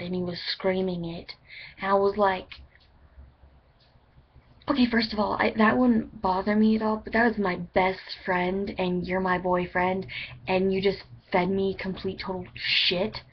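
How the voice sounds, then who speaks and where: A woman's voice: mid-range voice, fairly even intonation, a little slow, slightly rough. A woman casually telling a story to camera in a rambling, chatty way, swearing freely. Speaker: vlogger. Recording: dull lo-fi webcam audio with faint noise.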